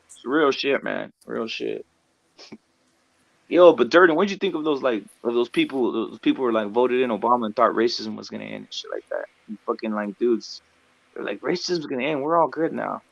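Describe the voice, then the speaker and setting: A man rambles through a casual livestream chat, swearing constantly and tossing in "bro" and "dude". His voice sits at an ordinary middle pitch. The sound is close and dry, with no room around it. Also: normal speed, creaky, no echo, lo-fi sound. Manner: rambling, heavy swearing, lots of 'bro' and 'dude'. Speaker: livestream co-host.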